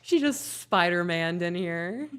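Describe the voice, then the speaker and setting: A woman's voice: on the low side, lively intonation, takes it slowly, clean tone. A woman hosting her show, chatting casually with viewers as she bakes in a home kitchen, in a chatty, self-deprecating way. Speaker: show host. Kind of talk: casual chat while baking on camera.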